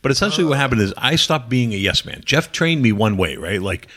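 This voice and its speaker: A man's voice: mid-range voice, very animated, quick pace, fairly bright tone. A man, a former pro wrestler, sitting as a podcast guest and telling rambling, blunt, profane stories while acting out what others said. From New England. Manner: rambling anecdotes, blunt and profane, acts out quoted lines. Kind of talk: casual storytelling interview.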